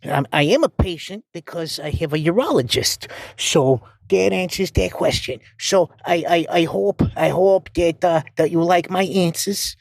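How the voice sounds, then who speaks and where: A man's voice: a little high, a little slow, vocal fry, few pauses, no room sound, studio quality. A man voicing a nervous, stammering middle-aged male accountant who leaves a rambling voicemail. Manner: stammering, repeating words, flustered. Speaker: voicemail caller.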